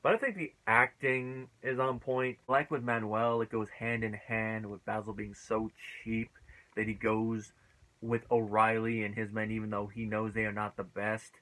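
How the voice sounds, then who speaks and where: Low-voiced chatty man reviewing a show. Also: flat delivery, sharp tone, low-quality recording. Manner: chatty, laughs often, fills pauses with uh. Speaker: TV episode reviewer. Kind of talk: casual spoken review.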